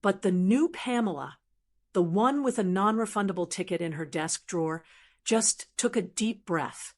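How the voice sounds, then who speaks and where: An older woman narrating a first-person story in a calm, measured, quietly firm way. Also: mid-range voice.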